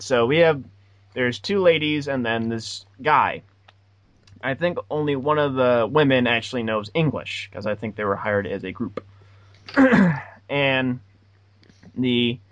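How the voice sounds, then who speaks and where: A man's voice: mid-range voice, fairly bright tone, no room sound, lo-fi sound. Young man telling rambling, sarcastic stories. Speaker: podcast host. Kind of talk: casual chat.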